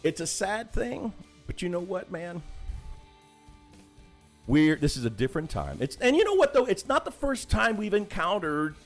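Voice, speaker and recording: A man hosting a casual hobby livestream talks over a video call at normal speed, leaving long pauses. He rambles in a chatty way with animated pitch swings, and faint music plays behind him.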